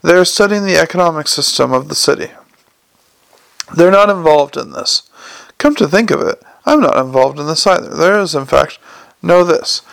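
A man reading the part of a quick-witted, exasperated man under police questioning, sarcastic and flustered. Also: on the high side, lively intonation, vocal fry, a bit bright, dry recording. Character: quick-witted exasperated male con man turned banker.

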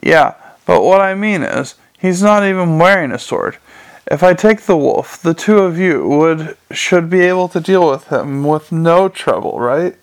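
A man voicing a nervous, quick-talking male thief in an audiobook, wheedling and pitched up. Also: lively intonation, clear, resonant tone.

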